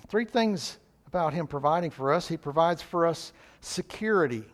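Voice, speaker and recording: A man preaching a sermon, reading scripture and telling folksy joke stories, clearing his throat now and then. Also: a little high, animated, moderate pace. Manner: folksy storytelling with jokes.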